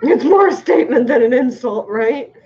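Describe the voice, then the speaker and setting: A middle-aged woman from the United States runs a fishkeeping livestream, chatting casually and giggling as she reads comments. Her voice is on the high side with lively intonation at a moderate pace, and the muffled lo-fi audio has background noise.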